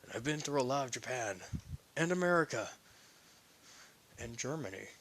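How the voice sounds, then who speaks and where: A flustered young hero, read by a man telling a story, stumbles over his words and backs down sheepishly. The voice is bright, and the pitch moves a lot. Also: expressive, normal speed. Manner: stammering, flustered.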